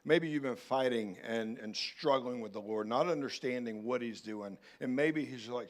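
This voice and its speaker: A male pastor preaching a sermon, dropping to soft, close pleas and then rising to loud, urgent calls. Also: medium pitch, moderate pace, few pauses. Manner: swings from hushed pleading to loud urgent calls.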